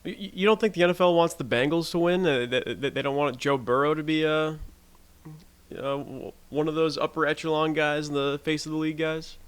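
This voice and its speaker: A man's voice: on the high side, fairly even intonation, brisk, smooth. A man co-hosting a sports podcast, hesitant and stammering, giving short dry replies. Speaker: podcast co-host. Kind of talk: casual sports talk.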